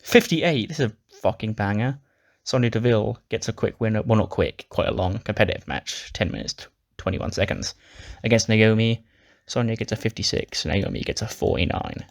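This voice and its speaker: A man's voice: on the low side, normal speed, gravelly. A man casually recapping a wrestling game playthrough, swearing now and then and acting out the characters' lines. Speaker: game commentator. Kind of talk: casual let's-play recap.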